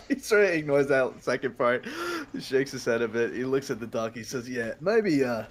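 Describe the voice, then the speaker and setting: Man, tabletop player, relaxed narration, mid pitch. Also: moderate pace. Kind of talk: narrating his character in a tabletop game.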